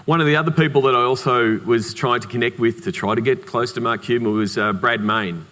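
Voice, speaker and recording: An Australian man giving a conference keynote, telling anecdotes in a lively way with humorous asides. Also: medium pitch, brisk. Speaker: keynote speaker. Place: conference hall. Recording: reverberant conference hall.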